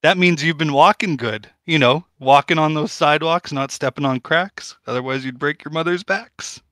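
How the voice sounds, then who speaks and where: A man's voice: on the high side, moderate pace, pushed and bright, dry recording. A man performing a mock stand-up routine on a podcast, delivering corny punchlines after rambling setups.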